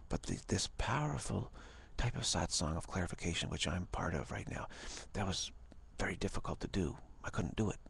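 A man speaking as a spiritual teacher in an informal talk. He talks haltingly, repeats words and often drops to a half-whisper. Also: low-pitched, expressive, vocal fry, husky.

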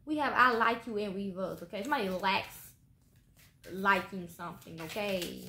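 A woman's voice: medium pitch, moderate pace, pushed and bright. Blunt, profane woman reading tarot cards. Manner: blunt and profane, swearing often; trails off with repeated "okay?" tags. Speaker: tarot card reader. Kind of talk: casual tarot reading to camera. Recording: echoey room with faint background noise.

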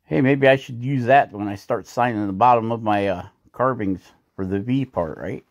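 A man's voice: medium pitch, moderate pace, no echo, clean studio sound. Folksy guy talking thru a carving tutorial, mid voice, cracking jokes. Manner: joking, folksy, chatty. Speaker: woodcarving channel host. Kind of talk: casual carving tutorial narration.

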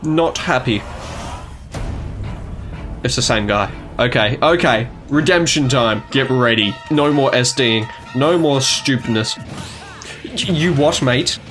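A young man commentating his own video game matches, excitable and quick to yelp, gasp and trash-talk. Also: mid-range voice, faint music behind. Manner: excitable, yelps and gasps at plays, trash talk. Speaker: gaming YouTuber. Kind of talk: gameplay commentary.

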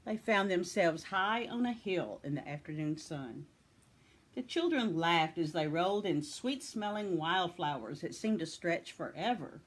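A woman from Tennessee reading a children's picture book aloud with expressive storytelling. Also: lowish voice, measured pace, breathy edge.

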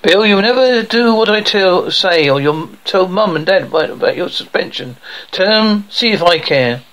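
A man's voice: sits high, expressive, moderate pace, fairly bright tone, rough recording. A man reading the lines of a bullying teenage older brother who taunts his sibling. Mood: taunting.

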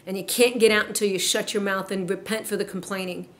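A woman preaching a sermon in an emphatic, exhorting way, slowing down to stress her points. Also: medium pitch, steady tone, a bit bright.

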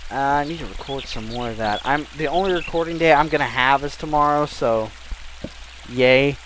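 Loud, excitable young man narrating gameplay. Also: medium pitch, moderate pace, a little hiss or hum. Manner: loud, excitable, bursts into yelling. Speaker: let's play commentator. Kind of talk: casual gameplay commentary. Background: faint game music.

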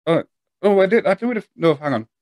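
A man's voice: high voice, expressive, brisk, darkish tone, no echo. A man in his thirties from northeast Scotland with a Speyside Scottish accent, hosting a casual interview podcast in a rambling, self-deprecating way. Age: 30s. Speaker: podcast host.

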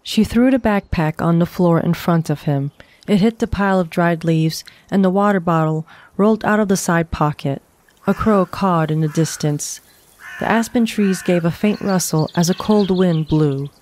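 A woman narrating a horror short story in a calm, even storytelling voice. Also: fairly low pitch, normal speed, slight background noise.

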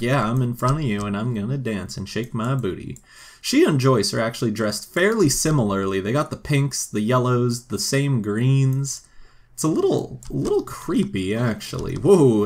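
A man giving casual, joking let's-play commentary as he plays a life-sim game and talks to its characters. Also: medium pitch. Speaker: gaming video host.

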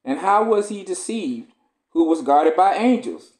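A man's voice: sits high, lively intonation, measured pace, darkish tone, voice pushed up. A man reading aloud the pleading lines of a male prophet in archaic scripture language. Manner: reads archaic scripture, rising pleas. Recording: roomy echo.

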